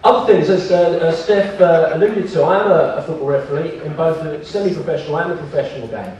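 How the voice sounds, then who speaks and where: A man's voice: fairly high pitch, quick pace, far from the mic. Joking man in an echoey hall. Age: 30s. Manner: joking, self-mocking storyteller. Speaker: guest speaker. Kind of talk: comic business seminar talk. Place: large hall with an audience. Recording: echoey hall, picked up from afar, with noise.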